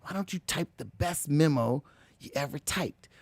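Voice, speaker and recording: A man hosting a motivational talk, energetic and preachy, who keeps addressing listeners as ladies and gentlemen. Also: a little high, moderate pace, vocal fry, dry recording. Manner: energetic, preachy, slips into mock voices. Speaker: motivational show host.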